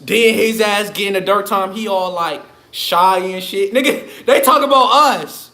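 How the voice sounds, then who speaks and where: A man's voice: high voice, a little slow, sharp tone. A man ranting on his livestream in a loose, profane, rambling way, laughing often. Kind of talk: casual livestream rant. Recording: echoey room.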